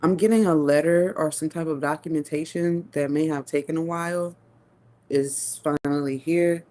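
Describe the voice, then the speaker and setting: A woman giving a live tarot reading, musing slowly with long hums and pauses, and talking in a casual, profane way. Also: low voice, steady tone, warm tone. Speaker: tarot reader.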